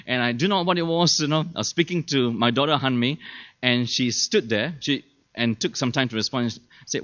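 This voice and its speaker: A man giving a sermon as pastor talks a little fast in a slightly high, bright voice. He keeps it chatty with rhetorical questions to listeners and voices quoted people in different tones; the recording sounds dull and lo-fi.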